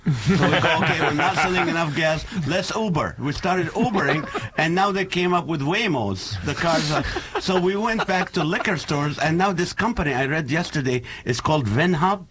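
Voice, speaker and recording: A middle-aged man from the Middle East telling funny stories in a casual, animated chat as a guest. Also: on the high side, moderate pace, a little hiss or hum. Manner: animated storytelling with jokes.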